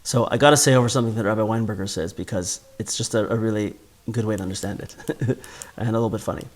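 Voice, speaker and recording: A man's voice: lowish voice, fast talker. A man giving a spoken Torah class in an earnest way, often repeating words as he builds a point. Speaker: Torah teacher.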